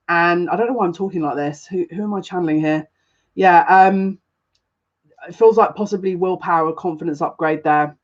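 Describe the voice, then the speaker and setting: On a live stream, a psychic reader talks at a moderate pace in a lowish voice captured with lo-fi sound. She greets each viewer by name while chatting in a loose, rambling way. Viewers compliment her noticeable accent.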